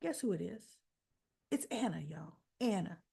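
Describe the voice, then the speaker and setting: A woman's voice: lowish voice, lively intonation, unhurried, creaky, warm tone, breathy edge. A woman retelling a soap opera episode in a chatty, casual way, often adding "you know" and "right?".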